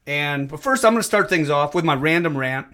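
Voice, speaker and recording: A man hosting a casual podcast, loud, profane and rambling. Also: a little high, lively intonation, fairly quick. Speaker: podcast host.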